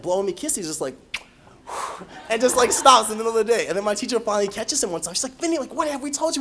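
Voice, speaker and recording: A young man, a college student, telling humorous personal stories in an animated, self-mocking way. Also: fairly high pitch, a little hiss or hum. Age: young adult.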